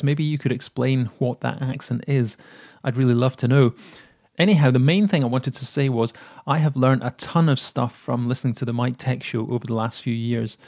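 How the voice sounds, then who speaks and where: A man with a Scottish accent records a message for a podcast. He speaks fluently and clearly at an ordinary pitch, with the easy, well-spoken delivery of someone used to speaking on a podcast. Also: darkish tone. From Edinburgh, Scotland. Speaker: caller, technical writer.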